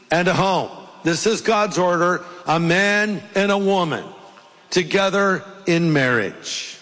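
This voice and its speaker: A man's voice: sits high, a bit bright, in a large hall. A man preaching a sermon as pastor, explaining scripture with playful asides. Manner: jokey, puts on playful accents.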